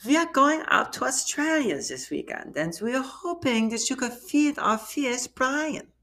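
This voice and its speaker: A man's voice: very high voice, big pitch swings, a little slow, gravelly, bright, forceful tone, pitched above the performer's own voice, exaggerated voice. A man voicing an elderly German woman in her sixties with a put-on German accent, politely asking a neighbor a favor. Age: 60s. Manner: polite, apologetic, hammy.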